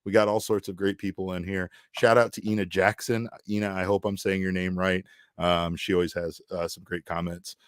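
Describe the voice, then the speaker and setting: A man hosting a live sports show in casual, joking banter, breaking into loud excited bursts. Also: low voice, normal speed, dry recording, studio quality.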